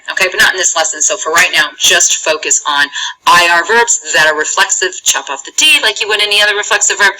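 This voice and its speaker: A woman teaches in a relaxed, chatty lesson style. Her voice sits low yet sounds very bright and forceful, with a husky edge. She checks in with her students constantly as she explains. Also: low-quality recording. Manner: chatty, encouraging, explains step by step with frequent "okay?" checks. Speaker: Spanish teacher. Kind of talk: recorded classroom lesson.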